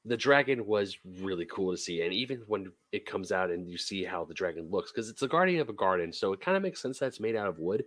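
A man on a podcast panel, casually chatting about a film and explaining scenes step by step in a measured way. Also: low voice, expressive, fairly bright tone. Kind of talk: casual movie review chat.

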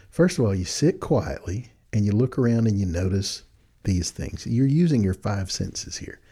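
This Texan hosts a podcast from a desk, headphones on and studio mic in front of him, reflecting in a relaxed, folksy way and chuckling at his own points. The voice is on the low side, mellow, with vocal fry and a breathy edge.

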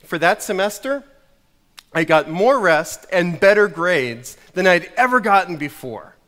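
Middle-aged American pastor, wry self-mocking storyteller, slightly high voice, long church reverb. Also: male voice, very animated, a little slow, pushed and bright. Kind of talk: sermon.

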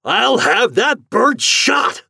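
A man voicing an enraged middle-aged market man who shouts and blusters. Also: medium pitch, expressive, a little slow, dry recording, studio quality, voice pushed up. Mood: furious. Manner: loud and blustering.

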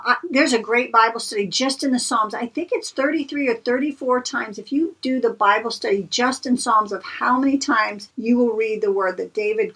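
A woman's voice: on the high side, fairly bright tone, breathy edge, recorded from a distance, poor audio. Earnest woman co-hosting a devotional podcast. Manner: earnest, preacherly, repeats phrases for emphasis. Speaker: podcast co-host. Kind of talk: encouraging devotional talk.

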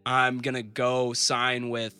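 A man, a stand-up comedian, chatting as a podcast guest with animated, laughing storytelling. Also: mid-range voice, takes it slowly, clean tone, faint music behind. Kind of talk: casual interview chat.

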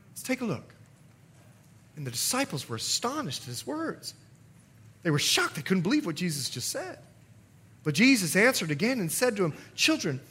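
Animated preaching pastor with a bright voice. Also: male voice, sits high, husky. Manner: animated, rising to loud emphatic passages. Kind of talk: sermon. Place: church sanctuary.

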